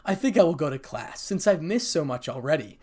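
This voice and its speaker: A man's voice: on the high side, big pitch swings, a little fast, darkish tone, breathy edge, voice pushed up. Man voicing a cold, bitter teenage boy. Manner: cold, cutting.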